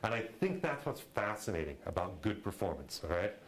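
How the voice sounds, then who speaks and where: A man giving a lively lecture on film directing, chatty and full of "you know" and "okay", acting out audience reactions with sudden jumps in his voice. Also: deep voice, a little fast, a little hiss or hum, poor audio. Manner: animated, acts out audience reactions in a raised voice.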